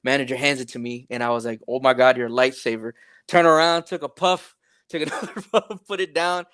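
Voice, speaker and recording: A man's voice: medium pitch, quick pace, clean tone, no room sound, clean studio sound. Laid-back profane young man storyteller. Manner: laid-back, profane, many fillers, animated retelling. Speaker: podcast guest, rapper. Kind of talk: casual storytelling.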